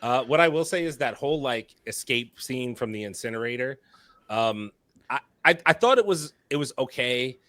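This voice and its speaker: A man's voice: mid-range voice, moderate pace, dry recording. A man co-hosting a podcast, chatting casually about a movie, rambling with restarts. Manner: relaxed, rambling with restarts and laughs. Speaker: podcast co-host. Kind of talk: casual movie review chat.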